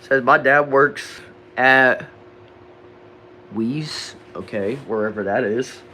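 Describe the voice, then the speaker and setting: A young man with a Southern accent from Texas, casually answering chat questions on a livestream in a relaxed, drawling way. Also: medium pitch, takes it slowly, slight background noise. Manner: laid-back, drawling, says bro and dude a lot. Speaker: livestream host reading chat. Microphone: desk microphone.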